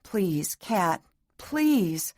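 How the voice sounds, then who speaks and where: A tender young husband pleading softly in a throaty, anguished voice, as a woman narrator reads him. He stays gentle and hushed throughout this romance audiobook. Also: on the low side, slow pace, no room sound, studio quality.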